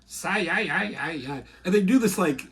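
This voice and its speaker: A man's voice: high voice, expressive, fairly bright tone, slightly rough. A man in casual chat, reading comic strips aloud and joking with a friend, often laughing and swearing. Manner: laughing, swearing, slipping into quick comic voices.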